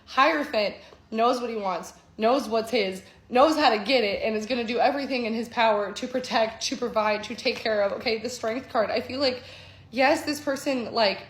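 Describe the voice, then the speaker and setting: A woman's voice: fairly high pitch, normal speed. Woman reading tarot in an echoey room. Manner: flowing, reflective, often checks in with "okay?". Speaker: tarot reader. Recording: echoey room, faint background hum.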